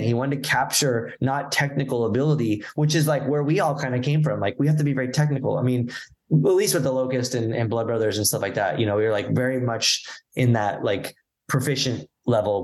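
A man as a podcast guest, telling stories in a rambling, profane way, full of fillers and restarts. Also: mid-range voice. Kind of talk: casual storytelling chat.

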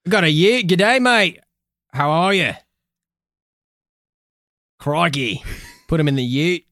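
A crude, brash Australian bloke with a broad mock Australian accent, drawling slang with his teeth bared, as a podcast host puts him on. His voice rides higher than a man's usual speech and swings widely in pitch. The sound is dry and close. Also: sing-song, slow pace, pushed and bright, no echo, exaggerated voice. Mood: jokey.

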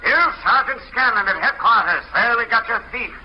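A blunt police sergeant. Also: male voice, very high-pitched, lively intonation, normal speed. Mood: matter-of-fact. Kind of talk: 1940s radio acting. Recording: muffled old radio recording with hiss.

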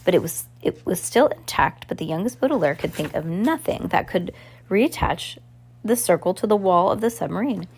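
A woman's voice: lowish voice, animated, normal speed, darkish tone, slightly rough. A woman reading a novel aloud in an unpolished way, with stumbles and restarts. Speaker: reader.

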